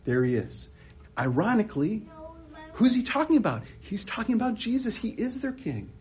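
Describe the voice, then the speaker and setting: A man's voice: high voice, very animated, moderate pace, a little mellow, husky. A man preaching an expository sermon, asking many rhetorical questions and often restarting his sentences.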